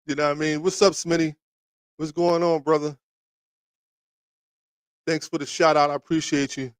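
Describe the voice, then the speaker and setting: A man hosting a live sports talk stream, rambling and animated as he trash-talks rival fans and stumbles over restarts. His voice sits a little high, and the sound is close and dry with no room echo. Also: moderate pace, smooth. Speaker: sports talk livestream host. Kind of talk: casual sports talk to live chat viewers.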